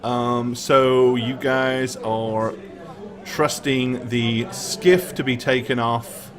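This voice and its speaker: A man narrating as game master of a tabletop game, relaxed and with frequent ums. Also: medium pitch, drawn-out words, music in the background.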